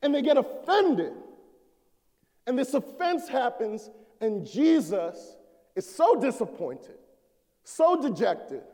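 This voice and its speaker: A man preaching a sermon as an associate minister, swelling to shouts and dropping low. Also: big pitch swings, slow pace, long pauses, big-room sound.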